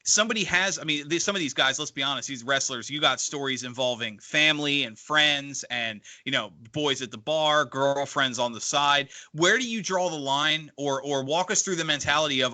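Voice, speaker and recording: Man co-host, very bright sharp voice, stop-start questioning. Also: on the high side, no room sound. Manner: halting, restarts often while framing long questions. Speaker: podcast co-host. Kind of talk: casual podcast interview.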